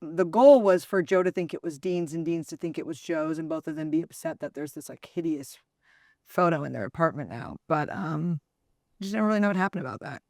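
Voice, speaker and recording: A woman hosting a podcast in casual chat, with a raspy, slightly gravelly voice, chatty and laughing often as she tells stories. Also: sits low, expressive, a little fast, darkish tone, no room sound, studio quality. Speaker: podcast host.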